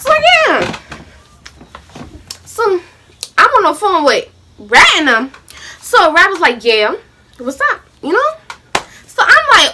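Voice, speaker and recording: High, animated young woman telling a story. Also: a little slow, pauses often, slight background noise. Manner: animated storytelling, voicing both sides of an argument. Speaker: vlogger. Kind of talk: storytime vlog.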